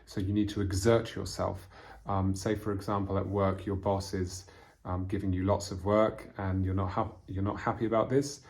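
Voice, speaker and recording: A man teaching English vocabulary from a storybook, explaining words slowly with frequent fillers. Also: low voice, flat delivery, darkish tone. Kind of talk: vocabulary lesson reading from a storybook.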